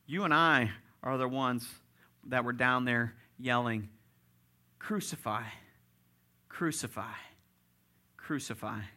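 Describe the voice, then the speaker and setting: Bright-voiced pastor preaching emphatically. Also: male voice, mid-range voice. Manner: rising to loud emphatic peaks; direct, addresses congregation as folks. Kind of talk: sermon.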